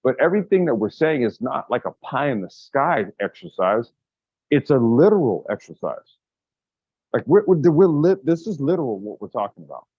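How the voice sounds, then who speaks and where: A man's voice: mid-range voice, sing-song, normal speed, husky, no room sound, lo-fi sound. A man co-hosting a podcast, talking casually as he brainstorms, rambling with frequent restarts and swearing. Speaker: podcast co-host.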